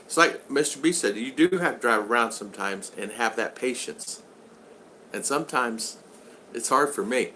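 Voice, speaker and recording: An older man chatting on a live stream in a bright, forceful voice, meandering from story to story. His pitch sits in an ordinary middle range, and a faint hiss of noise hangs under the talk. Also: normal speed. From United States. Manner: rambling, reads out viewer comments. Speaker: vlog host. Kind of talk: casual live-stream chat.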